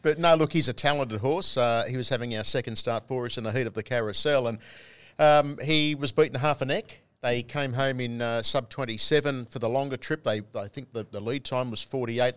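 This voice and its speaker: A man's voice: mid-range voice, fairly quick, clean tone, dry recording. A man co-hosting a racing podcast, talking knowledgeably about horses with a wry touch. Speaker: race caller and co-host. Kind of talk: casual chat.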